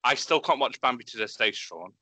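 A man chatting excitedly on a podcast, swearing freely and gushing about films. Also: medium pitch, fairly quick, no echo. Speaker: podcast co-host. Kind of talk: enthusiastic casual chat.

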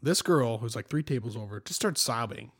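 Animated young man telling stories. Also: medium pitch, a little fast, breathy edge. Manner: animated storyteller, self-deprecating, laughs often. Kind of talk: casual faith discussion.

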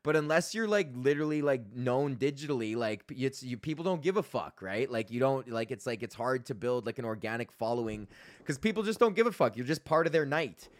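A man's voice: mid-range voice, expressive, a little fast, no echo. Young canadian guy ranting on his podcast, swears constantly, laughs a lot, dead dry mic. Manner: profane, rambling, laughs often. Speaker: podcast host. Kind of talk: casual ranting monologue.

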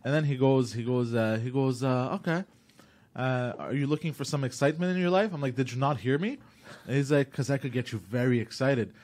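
A man's voice: mid-range voice, a little fast. Young man telling a rowdy story. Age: 20s. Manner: animated storytelling, acting out both sides with shouted outbursts. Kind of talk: casual chat.

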